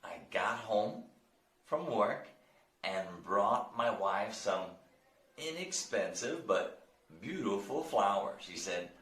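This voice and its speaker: An American man teaching English, explaining phrases and modeling them slowly for learners. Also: on the low side, expressive, fairly bright tone. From United States. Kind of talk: language lesson. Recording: roomy echo.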